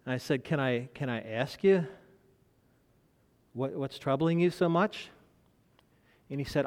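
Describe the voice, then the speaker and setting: Man, preacher, sermon, slow deliberate delivery, dramatic pauses, reverberant sanctuary. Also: mid-range voice, darkish tone. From United States. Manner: measured preaching with dramatic pauses and rising emphasis. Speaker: pastor. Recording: long reverb of a large hall.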